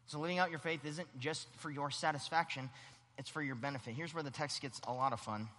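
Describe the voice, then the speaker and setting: A high-voiced man preaching with animated energy, his tone bright and sharp. He slips into voices to act out the story. A long reverb from a large hall trails his words. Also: fairly quick. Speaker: pastor. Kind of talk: sermon.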